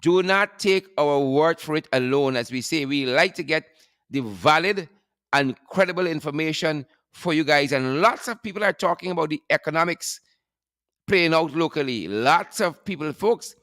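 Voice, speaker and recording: Guyanese male host, chatty and repetitive, slightly high voice, close dry sound. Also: normal speed, a bit bright, no echo. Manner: chatty, repeats phrases, laughs often. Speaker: show host. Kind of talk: casual live-stream chat, greeting viewers.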